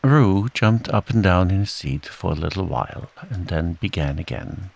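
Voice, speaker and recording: A man reading a bedtime story aloud in a calm, soothing way and gently voicing the characters. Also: low voice, normal speed, creaky. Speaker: audiobook narrator. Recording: steady rain sound behind the voice. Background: rain.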